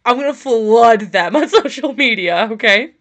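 A woman's voice: on the high side, lively intonation, moderate pace. A woman co-hosting a podcast in casual chat, laughing often and filling her talk with "like". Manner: giggly, laughs often mid-sentence; lots of "like" fillers. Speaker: podcast co-host.

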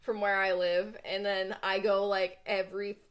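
A woman's voice: mid-range voice, flat delivery, moderate pace. A young woman co-hosting a podcast, telling a story in casual chat with lots of "like" and frequent laughter. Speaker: podcast co-host.

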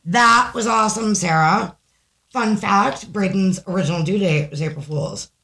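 A woman's voice: medium pitch, moderate pace, a bit bright. A woman co-hosting a casual podcast, reading listener stories aloud, chatty and swearing freely. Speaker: podcast co-host.

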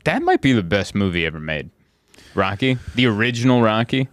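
A man, a comedian hosting a podcast, chatting casually and telling stories with animated voices. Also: a little fast, dry recording. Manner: animated storytelling, jumps into loud squeaky voices and laughs. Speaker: stand-up comedian, podcast host.

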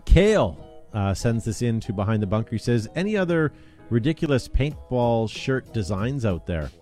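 A man's voice: medium pitch, big pitch swings, moderate pace, dark tone, faint music behind. A man hosting a casual chat show, talking in an upbeat, rambling way with plenty of fillers. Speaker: podcast host.

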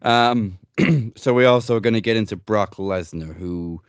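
A man's voice: fairly low pitch, a little slow, no room sound. A man hosting a wrestling podcast, chatting casually and bluntly, joking and swearing freely. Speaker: podcast host.

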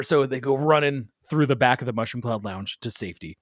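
A man's voice: mid-range voice, fairly quick, no room sound, clean studio sound. Man telling a rowdy story. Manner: animated, laughs often. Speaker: guest storyteller. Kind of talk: casual storytelling.

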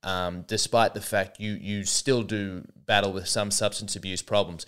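Sarcastic man, smooth voice. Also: medium pitch. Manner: sarcastic, rambling, self-deprecating. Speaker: comedian and podcast host. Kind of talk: solo comedic monologue.

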